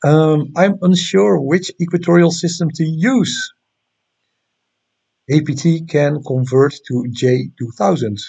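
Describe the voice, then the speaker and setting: A man's voice: a little high, slow, vocal fry, a little mellow, breathy edge. A man with a Dutch accent hosting a casual astronomy livestream, chatting loosely with viewers and reading out their comments, with frequent fillers. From Netherlands. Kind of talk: casual live-stream chat.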